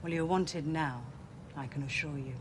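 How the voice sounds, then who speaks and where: An actress playing a flirtatious wife in a 1980s TV soap, with a teasing, playful manner. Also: female voice, sits low, normal speed, noisy background, natural voice. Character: flirtatious wife seducing her husband.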